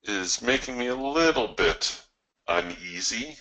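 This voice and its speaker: A man's voice: mid-range voice, expressive, unhurried, sharp tone, low-quality recording. A man coaching live trading, talking through his trades in a folksy way with chuckling asides.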